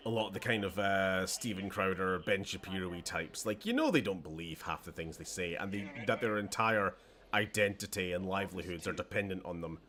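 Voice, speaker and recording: A man's voice: low voice, animated, fairly quick, pushed and bright. A Scottish man hosting a gaming channel, chatting wryly and often laughing during a let's play. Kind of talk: let's play commentary chat.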